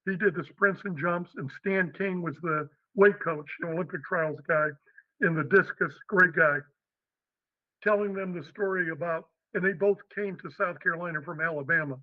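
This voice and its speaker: An older man from western Pennsylvania, a guest telling stories in an animated way. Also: sits high, dry recording. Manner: animated, acts out the people in his stories. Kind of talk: storytelling interview. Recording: dry tinny phone-like line.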